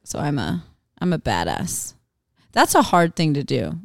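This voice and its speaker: A woman's voice: low-pitched, wildly swooping pitch, unhurried, vocal fry, no echo. A woman in casual podcast chat, telling a story with many "like"s, on a close mic.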